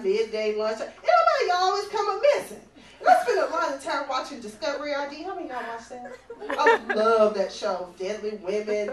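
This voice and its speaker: A woman doing a stand-up comedy routine in a comedy club, sassy and conversational as she teases the audience. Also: fairly high pitch. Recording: echoey, far-off club recording with faint ambient noise.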